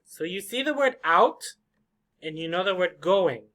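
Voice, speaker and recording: A young man teaching English vocabulary, drilling each word again and again. His voice sits a bit high and sounds bright and forceful. He talks at a very unhurried pace. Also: expressive. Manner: slow, repetitive drilling of words. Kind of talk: vocabulary lesson.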